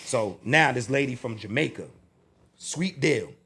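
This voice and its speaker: A man with a New York accent telling a story in a casual interview, swinging from low mutters to loud outbursts. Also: animated, measured pace, slightly rough. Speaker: interview guest.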